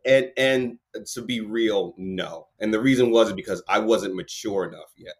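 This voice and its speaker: A man's voice: on the low side, normal speed. A man as a podcast guest, speaking reflectively and laughing easily. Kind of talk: casual podcast conversation.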